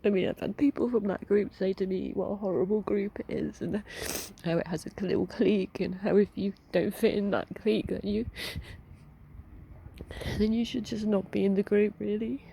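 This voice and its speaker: Tearful woman with a gravelly voice. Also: medium pitch, steady tone, warm tone, a little hiss or hum, poor audio. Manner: tearful, halting, laughing through tears. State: crying. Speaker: vlogger. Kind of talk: emotional personal vent.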